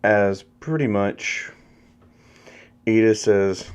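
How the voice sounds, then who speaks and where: A young man spins a fan story in a loose, rambling way, swearing here and there. His voice is low and mellow. He takes his time. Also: fairly even intonation, slow pace, highs cut off. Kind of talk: casual fan story narration.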